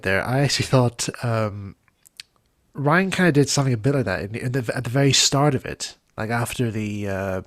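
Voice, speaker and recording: A man's voice: medium pitch, fairly bright tone, dry recording, studio quality. A man hosting a casual live stream chat, rambling with many restarts and fillers. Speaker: host.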